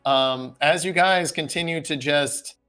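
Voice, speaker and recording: A man narrating as dungeon master in a casual, relaxed way, with frequent fillers. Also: fairly high pitch, unhurried, smooth, faint music behind. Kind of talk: narrating a tabletop game on a live stream.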